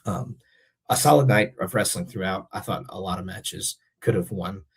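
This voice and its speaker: Male show host, hoarse and raspy, deep voice, casual filler-heavy recap delivery. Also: moderate pace. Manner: rambling, many fillers. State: losing his voice.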